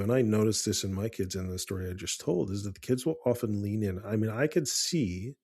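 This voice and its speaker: A man's voice: fairly low pitch, warm tone. A man co-hosting a casual parenting advice chat, talking earnestly with frequent restarts and fillers. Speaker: podcast co-host.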